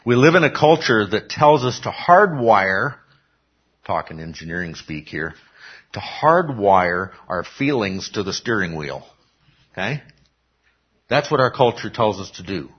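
Animated preacher, lo-fi recording. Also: male voice, lowish voice, measured pace, breathy edge. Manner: conversational, frequent "okay?" check-ins, acts out quotes. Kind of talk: sermon. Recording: dull lo-fi recording.

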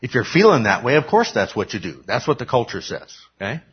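A male preacher delivers a chatty sermon, his husky voice swinging up and down as he acts out quoted lines. He keeps checking in with listeners. The recording sounds dull and lo-fi. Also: mid-range voice, very animated, fairly quick. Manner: conversational, frequent "okay?" check-ins, acts out quotes.

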